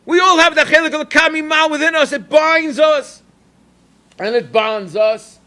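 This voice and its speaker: A man's voice: very high voice, moderate pace, sharp tone. A rabbi giving a Torah lecture, telling a personal story and mixing Yiddish and Hebrew phrases into his English, at times rising to emphatic calls.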